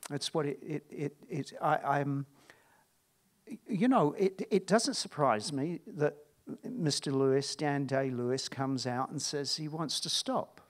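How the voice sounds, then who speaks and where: Halting middle-aged man telling stories. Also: on the high side. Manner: halting, stop-start, self-interrupting. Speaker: actor at a screening Q&A. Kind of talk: candid anecdotal chat.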